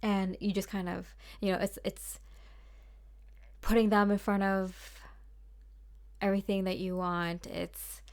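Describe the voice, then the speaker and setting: A woman's voice: mid-range voice, level tone, a little slow, pauses often. Chatty, rambling woman reading tarot. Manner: chatty and rambling, full of fillers and little laughs. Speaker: tarot card reader. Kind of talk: casual spoken tarot reading.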